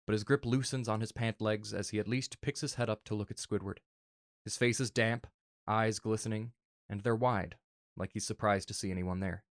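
A man earnestly reading a fan story aloud in a soft, emotional way. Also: on the low side, dry recording, studio quality. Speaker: narrator.

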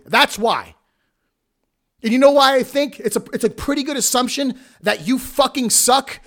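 Brief: higher-voiced man, podcast host, heated profane rant, blunt and defiant. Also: fairly bright tone. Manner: blunt, heated, heavy swearing. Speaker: podcast host and wrestling promoter.

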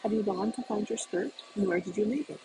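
A reader putting on a dying old suffragette woman, calling out for her lost love in pleading, grieving cries. Her voice is gravelly and sits mid-pitched. The recording is noisy. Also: brisk, lightly acted.

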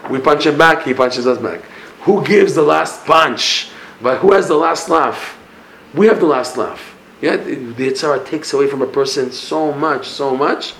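A man giving a Breslov Torah class, telling stories in an animated way and dropping in Hebrew and Yiddish terms. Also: on the high side, a little hiss or hum. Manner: animated storytelling, mixing Hebrew and Yiddish terms, laughs at punchlines. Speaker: Breslov teacher. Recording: echoey room with faint ambience.

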